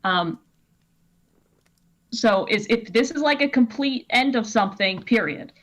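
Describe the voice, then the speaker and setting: A woman co-hosting a stream, explaining writing rules in quick, wry, casual talk. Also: on the high side, animated, fairly bright tone. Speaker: co-host critiquing viewer writing.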